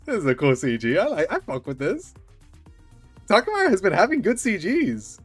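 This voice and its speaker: A man streaming a visual novel, reading every character's lines aloud and breaking off into excited asides. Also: sits high, moderate pace, slightly rough. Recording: faint music behind.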